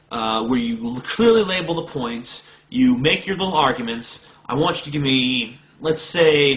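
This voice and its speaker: A man's voice: fairly high pitch, sharp tone, rough recording. A man recording a blunt, profane video response, talking straight to the camera. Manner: blunt, combative, swearing freely. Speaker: video blogger.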